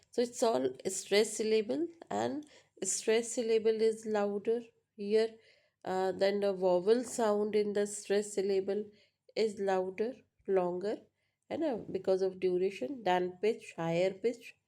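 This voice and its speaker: A woman teaching a lesson on word stress, pausing often with fillers and asking "right?" to check understanding. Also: mid-range voice, mellow. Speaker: English teacher. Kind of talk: spoken lecture on pronunciation.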